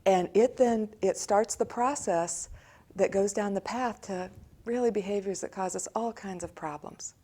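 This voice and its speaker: An American woman speaking as a church counselor, giving an animated teaching talk and acting out quoted voices of children and parents. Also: medium pitch, a little slow. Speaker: church director of community, counselor.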